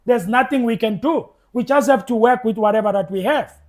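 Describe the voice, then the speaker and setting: A man's voice: extremely high pitch, fairly quick, darkish tone. A South African man giving passionate political commentary to his viewers, stammering through restarts and speaking straight to the audience. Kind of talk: opinionated commentary to camera.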